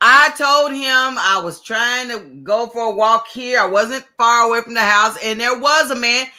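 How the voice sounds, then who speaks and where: A woman's voice: a little high, moderate pace, pushed and bright. A woman co-hosting a podcast, chatty and emphatic as she tells a story in casual talk. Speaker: podcast co-host. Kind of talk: casual chat.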